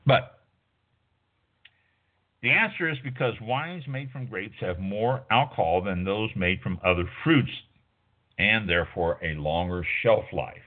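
Middle-aged guy hosting a wine show, low voice, lots of uhs, sounds like he's on the phone. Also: husky, narrow, tinny audio. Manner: rambling, filler-heavy, self-correcting. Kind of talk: casual talk radio monologue.

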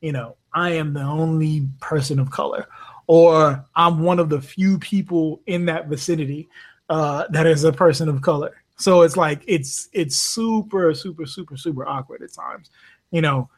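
A man's voice: a little high, moderate pace. A man raised in Bermuda, a podcast guest and rideshare driver, telling stories in casual chat, swearing freely and acting out the people he quotes. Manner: animated storyteller, swears freely, acts out quoted voices.

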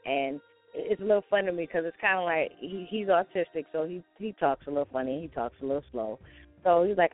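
A man's voice: fairly high pitch, quick pace. A man co-hosting a casual morning talk show, earnest and a little hesitant, often repeating himself. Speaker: radio show co-host. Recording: tinny phone-like line with faint music.

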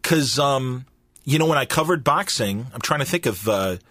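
A man in his fifties hosting a podcast in a studio, telling stories in a lively, chatty way. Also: medium pitch, normal speed, no room sound. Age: 50s. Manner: animated storytelling with quoted voices. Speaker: podcast host. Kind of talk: casual chat. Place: recording studio.

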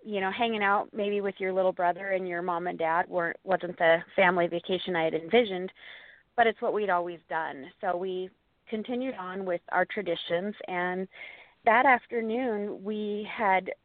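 A woman in her forties from Montana, telling her story earnestly as an interview guest, in a halting way with many restarts. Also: mid-range voice, dry recording. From Montana, USA. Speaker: guest, Bigfoot researcher and author. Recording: tinny phone line, dry.

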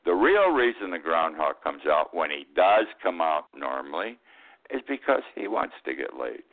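A man's voice: extremely low pitch, sing-song, moderate pace. An older man hosting a radio talk show, telling wry, folksy stories in an opinionated monologue. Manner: folksy, wry storytelling with chuckles. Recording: tinny phone-like radio audio.

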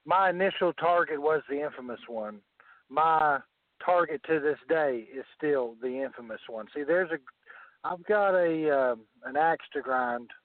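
A man's voice: a little high, no echo. A man with a Southern accent, a wrestling commissioner, delivering boastful, menacing trash talk. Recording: tinny phone line, dry.

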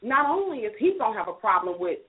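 A woman's voice: a little high, big pitch swings, fast. A woman co-hosting a radio advice show, chiming in with short agreements. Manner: chimes in with short agreements and amens. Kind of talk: affirming chat on a radio show. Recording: phone-like narrow sound.

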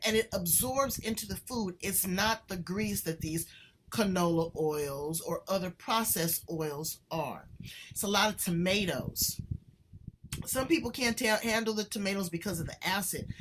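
Brisk woman host, faint background noise. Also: medium pitch, low-quality recording. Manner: brisk, emphatic, quick asides. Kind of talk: casual interview chat.

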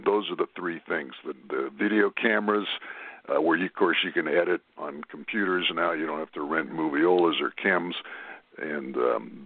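Older guy with a really low voice, halting, lots of uhs, tinny phone sound. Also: no echo. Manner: halting, filler-heavy. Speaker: film director. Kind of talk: phone-in interview talk. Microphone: phone line. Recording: phone-line radio call-in.

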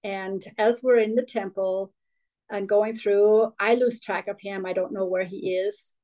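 A woman's voice: mid-range voice, fairly even intonation, a little slow, mellow, rough recording. A middle-aged woman from Denmark, a guest telling her life story in an interview, candid and rambling with restarts. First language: Danish.

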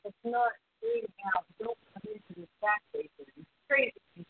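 A woman with a husky, gravelly voice that swings up and down a lot, chiming in to correct her co-host on the details. She sounds thin and narrow, as if heard down a phone line. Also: a little high, huge pitch swings, moderate pace. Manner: chimes in with short corrections. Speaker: podcast co-host. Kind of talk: casual podcast chat.

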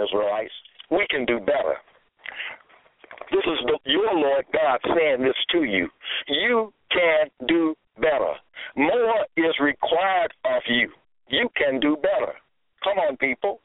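A preacher with a fairly high, animated voice delivers a slow, deliberate sermon, scolding and pressing his listeners and repeating phrases over and over. His pitch swings widely with vocal fry, heard over a narrow, phone-like line that is dry and close, with no room sound.

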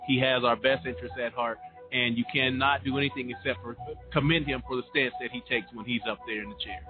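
A man co-hosting a talk radio show, animated and emphatic. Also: mid-range voice, fast talker, phone-quality sound, music in the background. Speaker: radio co-host.

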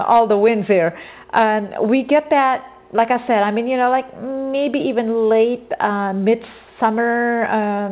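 A young woman from California talking casually as a podcast host, rambling and conversational, often circling back to earlier points. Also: mid-range voice. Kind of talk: casual informational monologue. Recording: tinny phone-like audio.

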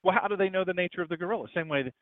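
A man preaching a sermon in a conversational style, asking rhetorical questions and swinging between loud and hushed lines. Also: sits high, racing, no room sound. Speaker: pastor. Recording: tinny, phone-like dry recording.

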